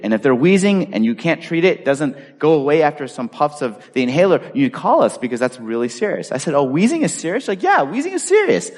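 A man in his forties, a pastor, telling personal stories in a sermon and acting out the dialogue with lively swings. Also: medium pitch. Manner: animated storyteller acting out dialogue. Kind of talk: storytelling sermon. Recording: long reverb of a large hall.

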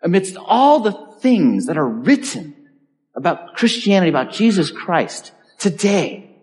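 A man's voice: sits high, unhurried. A man preaching a sermon, telling a story and acting out the people in it. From California. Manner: animated storyteller acting out voices. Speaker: pastor. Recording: long hall reverb.

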